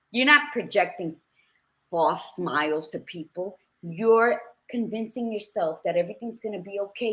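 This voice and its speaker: A woman's voice: medium pitch, a bit bright. A woman co-hosting a podcast, talking bluntly and animatedly and swearing freely. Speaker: podcast co-host. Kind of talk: candid podcast chat.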